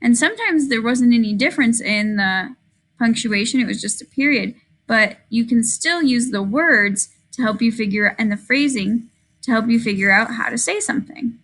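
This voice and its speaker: A woman teaching third graders in a recorded lesson, speaking clearly and deliberately in a fairly high voice. She models reading aloud with expression, stopping to explain what she is doing. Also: animated, fairly bright tone, poor audio.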